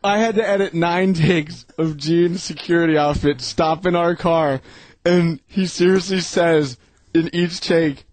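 A man with a high voice hosts a rowdy radio show. He trades crude stories with his co-hosts and introduces the next song. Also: fairly even intonation, normal speed. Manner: laughs while telling stories, introduces songs. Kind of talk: casual radio banter.

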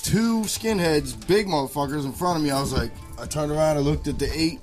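A man on a radio talk show telling a profane, animated story, acting out his own shouts, with faint music behind. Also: fairly high pitch, a little fast, hardly any pauses.

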